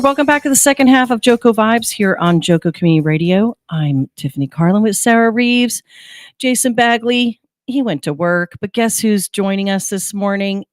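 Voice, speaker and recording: A woman's voice: mid-range voice, no echo, clean studio sound. A woman co-hosting a casual morning community radio show, rambling with fillers and restarts. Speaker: radio co-host.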